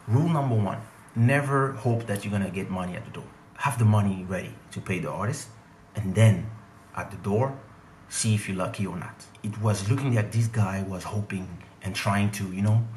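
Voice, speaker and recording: A man from DR Congo, telling a storytime vlog with animated, emphatic delivery. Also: fairly low pitch, a little hiss or hum. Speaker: vlogger and singer. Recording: echoey room.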